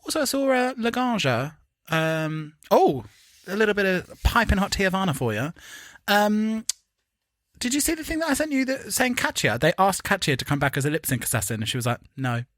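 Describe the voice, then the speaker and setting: A man, co-hosting a casual chat podcast, gossipy and camp with quick quips. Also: high-pitched, very animated, fairly bright tone, no room sound, studio quality. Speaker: podcast co-host.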